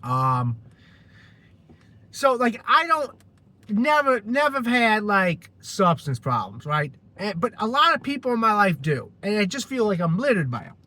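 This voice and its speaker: High, bright-voiced man ranting casually. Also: very animated, measured pace. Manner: rambling, restarts a lot, heavy swearing. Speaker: vlogger telling a personal story. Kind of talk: casual storytelling rant.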